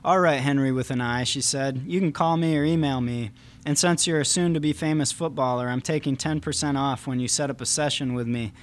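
A man's voice: fairly quick, natural voice. A man reading as a brash woman medium. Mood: teasing. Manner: confident, sales-pitch teasing.

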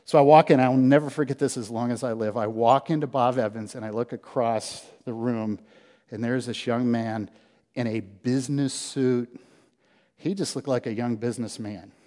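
A man preaching a sermon as pastor, telling a story in an animated way, with loud bursts that drop to hushed low lines. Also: moderate pace. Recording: long hall reverb.

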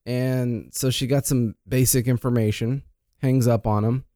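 A man who is a financial planner, chatting on a talk show. He tells stories in an animated way, acting out quoted lines and often restarting and repeating words. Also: medium pitch, a little slow, no room sound, studio quality. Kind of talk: casual radio chat.

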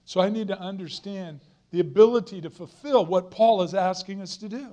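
High-voiced earnest male preacher. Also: moderate pace, few pauses, warm tone. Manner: earnest, emphatic, repeats phrases for stress. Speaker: guest preacher. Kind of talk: sermon.

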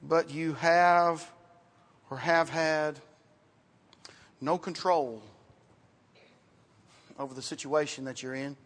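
A man preaching a sermon as pastor, in a conversational style, repeating words and dropping to quiet asides. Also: fairly high pitch, steady tone, slow pace, long pauses. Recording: reverberant hall, sometimes off mic.

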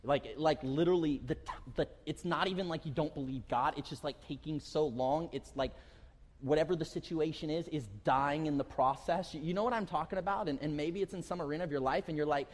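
A man's voice: a little high, fairly quick, a little mellow. A pastor giving a sermon in a conversational, storytelling way, often chuckling as he talks. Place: church hall. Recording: long reverb of a hall.

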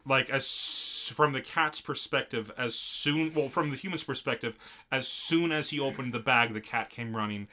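Guy with a bright voice chatting about an anime, jumps into goofy voices for the characters. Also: medium pitch, moderate pace. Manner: lively, uses silly voices when retelling scenes. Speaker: podcast co-host. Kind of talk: casual chat recapping an anime.

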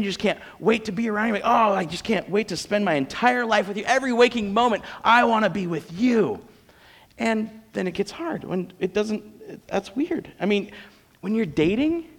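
A man with an American accent preaching a sermon as a pastor, conversational and joking. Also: on the high side. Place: church auditorium. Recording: long reverb of a church hall.

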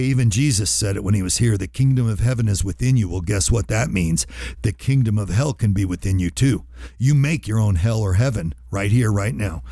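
A man's voice: lowish voice, vocal fry, mellow, no room sound, studio quality. A man hosting a radio show, talking to listeners in an earnest, emphatic way and repeating his points for stress. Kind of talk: heartfelt motivational radio talk.

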